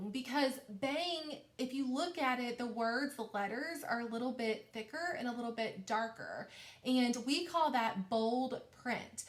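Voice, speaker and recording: A woman teacher giving a recorded reading lesson to young children, talking slowly and encouragingly. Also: fairly high pitch, fairly bright tone. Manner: slow, patient, encouraging teacher talk. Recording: echoey room.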